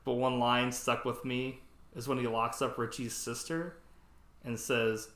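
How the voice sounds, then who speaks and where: A man's voice: mid-range voice, fairly even intonation, normal speed, a bit bright, roomy sound. A man co-hosting a podcast, chatting casually about a movie, swearing a lot and acting out lines with laughs. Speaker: podcast co-host. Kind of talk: casual movie review chat.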